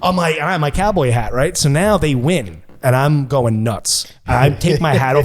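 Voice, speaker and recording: A man guesting on a podcast who spins crude, animated anecdotes. He talks loosely and eagerly in a slightly raised voice. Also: fairly high pitch, a little fast, few pauses. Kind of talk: casual podcast storytelling.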